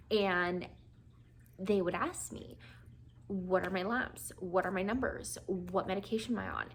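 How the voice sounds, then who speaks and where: Young adult woman, nurse, casual upbeat storyteller; recording has clear background noise. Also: mid-range voice. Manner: upbeat, chatty, laughs often.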